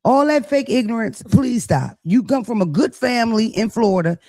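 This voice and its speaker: A man's voice: very high-pitched, lively intonation, moderate pace, warm tone. A man co-hosting a podcast, gossiping crudely and theatrically and mimicking people he talks about. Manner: gossipy, theatrical, quotes people in mock voices. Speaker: podcast co-host. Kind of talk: crude comedic casual chat.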